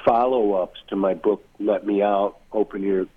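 Male author guest, husky and thoughtful, heard over a thin phone-like connection. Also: on the low side, fairly even intonation, moderate pace. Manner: thoughtful, musing, many asides. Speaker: author being interviewed. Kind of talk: reflective conversational interview. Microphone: remote line from far away. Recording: tinny phone-like line.

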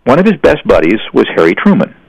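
Gravelly older man, folksy storyteller. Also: medium pitch, huge pitch swings, quick pace, dry recording, rough recording. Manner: rambling, restarts sentences, folksy anecdotes. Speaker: guest. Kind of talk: storytelling in casual conversation.

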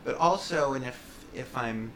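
Bright-voiced earnest radio host, a man. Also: mid-range voice, measured pace, a little hiss or hum, rough recording. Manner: thoughtful, earnest questioning. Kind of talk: radio interview.

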